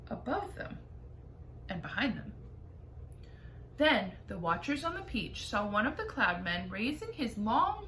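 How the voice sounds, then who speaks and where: A woman teacher reading a chapter book aloud with lively storytelling. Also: on the high side. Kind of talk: expressive read-aloud. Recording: echoey room, faint noise.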